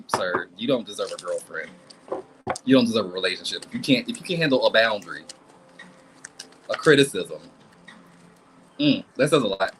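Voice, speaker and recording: A man's voice: medium pitch, a little hiss or hum, rough recording. A man doing a casual live tarot reading, talking bluntly and swearing often. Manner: blunt, animated, swears and laughs a lot. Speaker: tarot reader.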